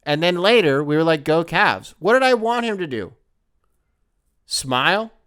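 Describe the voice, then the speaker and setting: Detroit area guy rambling through a story on his podcast, swears a lot, lots of uh and like, smooth clear voice, dry close mic. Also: high-pitched, animated, fast, fairly bright tone, dry recording. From Detroit area, Michigan. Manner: rambling, profane, lots of fillers. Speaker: podcast host. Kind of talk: casual storytelling.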